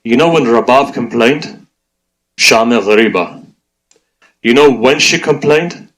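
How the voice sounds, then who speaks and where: A man's voice: mid-range voice, slow, a bit bright, rough recording. A man reciting a mourning sermon, emotional and full of rhetorical questions put to his audience. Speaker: religious speaker.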